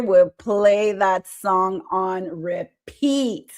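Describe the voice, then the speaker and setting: Excitable chatty woman hosting a live stream. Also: fairly low pitch, unhurried. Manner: chatty and excitable, reads viewer comments aloud. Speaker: host. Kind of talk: casual live-stream chat. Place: Montreal.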